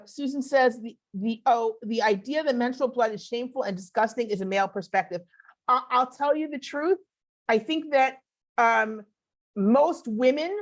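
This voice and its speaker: A woman teaching a Bible class online, explaining in a conversational way and answering questions as she thinks aloud. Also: on the high side.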